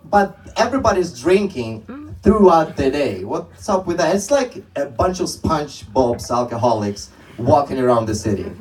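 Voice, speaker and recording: A man's voice: on the high side, a little mellow, far from the mic, rough recording. A young man doing a stand-up comedy set on a club stage, telling rambling stories with many restarts.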